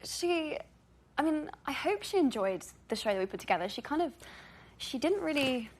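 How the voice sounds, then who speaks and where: A woman's voice: sits high, very animated, moderate pace, a little hiss or hum. Giggly young English woman. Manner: giggly, hedging with fillers. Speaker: guest actress. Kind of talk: talk show interview.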